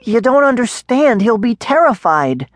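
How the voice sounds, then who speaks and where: A man's voice: high voice, sing-song, a little slow, no echo, clean studio sound, voice pushed up, full character voice. A man voicing a frantic young boy, breathless and pleading to protect his pet dragon.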